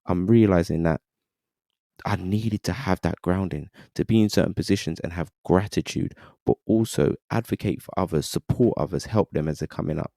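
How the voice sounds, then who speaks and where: A man, recounting his journey as a podcast guest in an animated, chatty way. His voice is deep and gravelly with a dark, mellow tone, recorded close and dry. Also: normal speed, no echo. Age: 30s. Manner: animated, repeats "you know what I mean". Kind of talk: casual storytelling interview.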